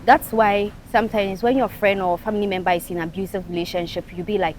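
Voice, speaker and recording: A woman's voice: mid-range voice, steady tone, quick pace, a little hiss or hum. Frank Ghanaian woman talk show panelist. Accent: Ghanaian English. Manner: frank, emphatic, mixes in local phrases. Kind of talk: casual talk show discussion.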